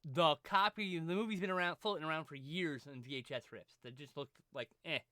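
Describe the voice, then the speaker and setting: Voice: mid-range voice, brisk, pushed and bright, no room sound, clean studio sound. A rambling, profane co-host in casual chat on a live stream. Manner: rambling, profane, restarts often. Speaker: podcast co-host.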